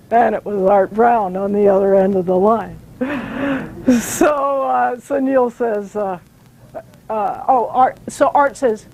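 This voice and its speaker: A woman author giving a public talk, telling stories in an animated way with some fillers. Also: on the high side, a little slow, breathy edge, rough recording. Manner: storytelling, animated, uses fillers.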